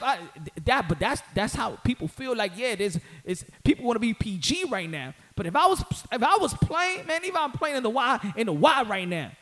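Emphatic high-voiced man talking boxing. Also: big pitch swings, fairly quick, hardly any pauses, a bit bright. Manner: emphatic, slangy, repeats phrases for stress. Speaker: boxing commentator. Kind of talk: casual solo commentary.

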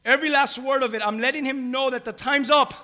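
A man's voice: very high-pitched, steady tone, fast, big-room sound, pitched above the performer's own voice. A man voicing God, stern and judging. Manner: forceful, pronouncing judgment. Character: God, stern male deity passing judgment.

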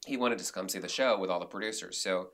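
A man, a director and actor, talking casually in an interview and telling animated stories from the theater with many restarts. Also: deep voice, fast. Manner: animated, acts out quotes, frequent restarts.

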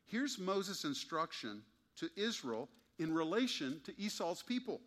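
A man's voice: fairly high pitch, big pitch swings, a little slow, fairly bright tone. A man preaching a sermon to his congregation, emphatic and wry, often asking pointed rhetorical questions. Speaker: pastor.

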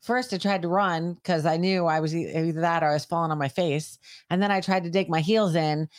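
A woman co-hosting a podcast who tells stories in a loose, animated way and swears freely. She raises her voice when she acts out the scene. The recording is dry and close. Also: lowish voice, fairly quick, dry recording. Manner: animated storytelling, heavy swearing, shouts when acting out scenes. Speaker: podcast co-host. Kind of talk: casual chat.

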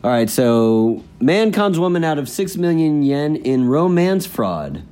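A man's voice: a little high, very animated, a little slow, warm tone. A man hosting a casual podcast who reads news items aloud and adds dry asides. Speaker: host.

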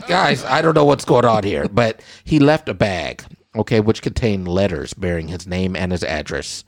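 Male host, forties, lively low voice, dry close sound, exclaims and jokes to viewers. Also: normal speed, vocal fry, dry recording. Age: 40s. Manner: animated, exclaiming, addressing viewers as guys. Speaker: show host. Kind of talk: casual news-story banter.

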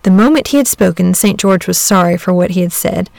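A woman narrating a storybook in a clear, measured way. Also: on the low side, animated, a little mellow, dry recording. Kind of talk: storybook reading.

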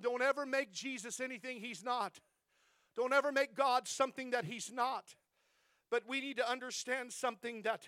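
A man's voice: very high voice, bright, forceful tone, clear, resonant tone, no room sound, studio quality. A male pastor preaching a fervent sermon in church, sprinkling in amens and rising to impassioned stretches.

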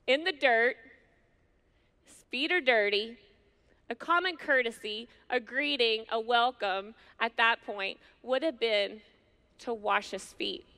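A middle-aged woman gives an earnest, conversational sermon to a room of women. She speaks slowly, with heavy pauses on key words. Her voice is bright, clear and a little high. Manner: earnest, conversational preaching with slow emphatic pauses.

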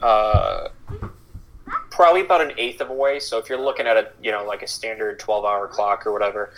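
Brief: man game master, casual, halting narration, bright and clear tone. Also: lowish voice, fairly even intonation, low-quality recording. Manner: casual, halting, many fillers.

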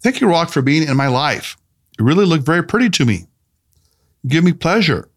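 A man's voice: very animated, fairly quick. A man voicing a skeptical adult male doctor in an audiobook, raising his voice into an incredulous, defensive tone. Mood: earnest. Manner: incredulous, defensive, higher-pitched. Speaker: protagonist character in an audiobook. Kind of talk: audiobook character reading.

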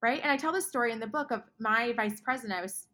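A woman guest author speaking earnestly in a faith podcast conversation, often dropping to hushed tones. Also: a little high, fast talker.

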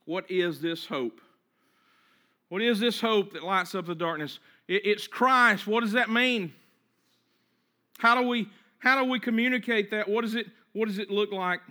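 A man preaching a sermon, dropping to a hush and then building to emphatic, rhythmic repeated phrases. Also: sits high, a little slow. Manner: swings between hushed and emphatic preaching; repetitive, rhythmic lists of phrases. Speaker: pastor.

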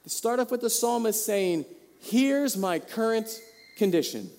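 Man, pastor, sermon, earnest, high voice, long hall reverb. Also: expressive, a little slow, a little mellow. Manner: earnest, asks the congregation many questions. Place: church hall.

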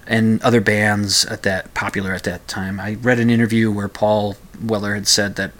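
A man's voice: fairly low pitch, fairly bright tone. A man hosting his own show, chatting casually and rambling about music with fumbling restarts and self-mocking asides. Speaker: show host.

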